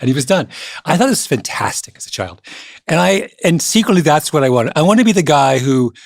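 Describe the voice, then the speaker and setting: A man's voice: on the high side, very animated, a little fast, creaky, no echo, studio quality. A man who is a guest on a podcast, telling stories in a casual conversational way. He laughs often and acts out the voices of the people he quotes.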